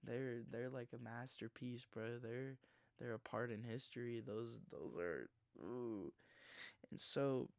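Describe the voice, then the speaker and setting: A man in his twenties telling a rambling, slangy story in his own words, sometimes dropping into a hushed near-whisper. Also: mid-range voice, slow pace, vocal fry, no room sound. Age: 20s. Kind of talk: casual first-person storytelling.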